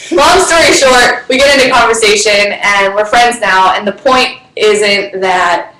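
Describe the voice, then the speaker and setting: A woman's voice: mid-range voice, a little slow, very noisy. Bubbly woman talking in an echoey room. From Chicago. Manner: bubbly, laughs often, lots of "like". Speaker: wellness business owner sharing a story. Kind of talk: casual livestream talk.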